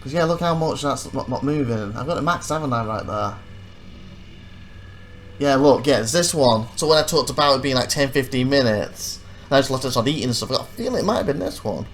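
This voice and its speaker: A let's play host talks casually over his own gameplay footage in a brisk, mid-range voice. He rambles and corrects himself, growing animated when retelling his frustrations. There's a little hiss or hum in the recording.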